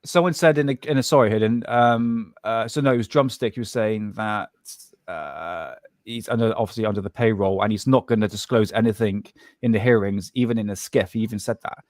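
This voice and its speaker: A man's voice: fairly low pitch, fairly quick, no echo, studio quality. A man from Southwest England with a Southwest English accent, chatting casually on a live stream as co-host, rambling with frequent restarts. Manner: rambling, restarts often, says "mate".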